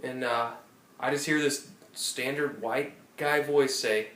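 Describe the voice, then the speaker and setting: Slow and steady in tone, this mid-range male voice belongs to a podcast co-host spinning a profane, rambling anecdote full of restarts. A distant phone or tablet mic in an apartment room makes the casual chat sound roomy.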